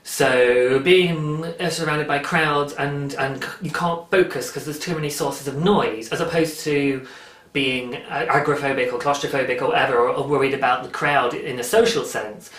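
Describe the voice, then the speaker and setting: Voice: medium pitch, steady tone, normal speed, fairly bright tone. A podcast host talking casually on their own, earnest and encouraging, often restarting sentences. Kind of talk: casual solo podcast monologue. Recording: roomy, distant from the mic.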